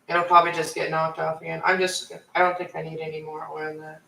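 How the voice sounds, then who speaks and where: A man's voice: fairly high pitch, completely flat delivery, fast, vocal fry, sharp tone. A man rambling casually to a live chat as he cooks in his home kitchen, with a camera mic set away from the stove. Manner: rambling, self-correcting, chatty. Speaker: cooking vlogger. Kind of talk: casual live-stream chat while cooking. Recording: echoey kitchen, distant camera mic, faint noise.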